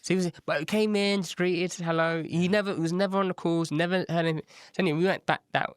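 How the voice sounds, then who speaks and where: A man, an agency founder telling stories in a casual interview, animated and acting out the voices of people he quotes. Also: high-pitched, fast talker, clean tone, no echo, clean studio sound. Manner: animated, acts out quoted dialogue, frequent "right?". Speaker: agency founder, podcast guest.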